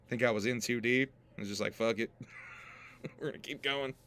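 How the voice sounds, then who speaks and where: A man's voice: medium pitch, fairly quick, pushed and bright, slight background noise. A man hosting a casual livestream podcast, joking with his chat, laughing often and swearing freely. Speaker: podcast host and rapper.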